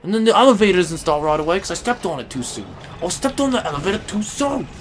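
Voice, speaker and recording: Angry gamer guy ranting and cussing, kinda high voice, some hiss in the back. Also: big pitch swings, fast talker. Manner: furious, swearing, swings from yelling to muttering. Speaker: gaming video host. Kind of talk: angry let's-play commentary.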